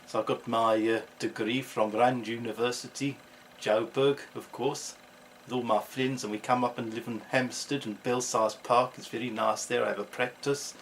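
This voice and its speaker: A man's voice: mid-range voice, fairly even intonation, moderate pace, hardly any pauses, a little hiss or hum, lightly acted, poor audio. A man voicing a genial retired South African gynaecologist with a South African accent, chatty and cheeky.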